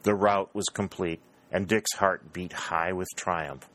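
A man reading an adventure novel aloud as audiobook narration, in a steady storytelling manner that rises for the shouted lines. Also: low voice, a little slow. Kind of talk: scripted narration.

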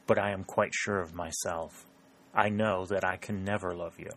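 A man's voice: low-pitched, steady tone, moderate pace, a bit bright. A man reading the lines of a proud young woman who coldly refuses a suitor in an audiobook. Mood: firm. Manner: cold, level, firm.

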